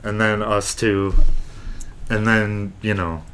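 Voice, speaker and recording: A man co-hosting a podcast, telling a story in relaxed casual chat. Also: fairly low pitch, slow, slight background noise. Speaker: podcast co-host.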